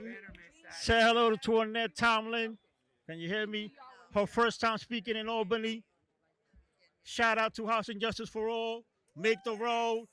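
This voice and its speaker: Guy emceeing a rally, high bright voice, quick shoutouts, sounds a bit off mic. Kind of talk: announcing speakers.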